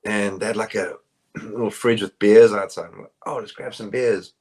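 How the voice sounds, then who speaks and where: A man's voice: on the low side, fairly even intonation, moderate pace, darkish tone, husky. A man from South Africa, a musician speaking as a guest in a casual interview, hesitant with many fillers and restarts. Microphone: phone call.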